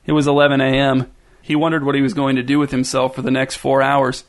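A man reading a story aloud as narrator, with even, wry narration. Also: mid-range voice, fast.

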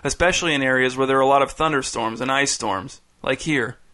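A man's voice: mid-range voice, a little fast, sharp tone, lightly acted. A man voicing an anxious, stubborn young wife who insists on what she wants, in an audiobook reading. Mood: insistent, uneasy. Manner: insistent, worried. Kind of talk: audiobook narration.

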